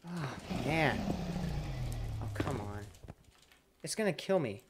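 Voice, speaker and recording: A man talking through his gameplay in a casual, self-deprecating way. His voice sits a little high. Loud noise and clicking run under the recording. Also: big pitch swings, slow. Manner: self-deprecating, groaning at his own mistakes. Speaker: gaming streamer.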